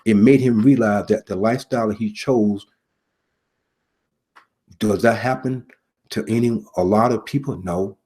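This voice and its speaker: A middle-aged man with a low, husky voice delivers a sermon-style message. He speaks earnestly, repeats his key phrases and pauses between them. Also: a little mellow. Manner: earnest, repetitive preaching with pauses. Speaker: preacher, former police officer.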